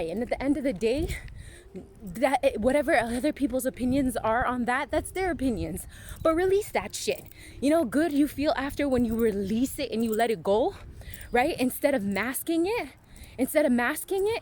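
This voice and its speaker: A motivational vlogger delivers a candid monologue to camera in a high voice carrying a slight hiss or hum. She's frank and emphatic, swears freely, and keeps asking "right?"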